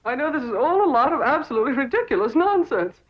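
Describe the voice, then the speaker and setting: Prim lovestruck secretary, fluttery, high lively voice, dull hissy old TV audio. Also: female voice, fast. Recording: hissy dull 1960s TV soundtrack.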